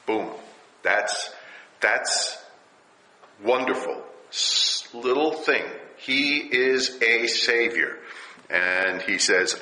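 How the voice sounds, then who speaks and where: A man preaching a conversational sermon as a Lutheran pastor, halting with many fillers and then rising into emphatic scripture reading. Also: lowish voice, bright, forceful tone, distant mic. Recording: very echoey room.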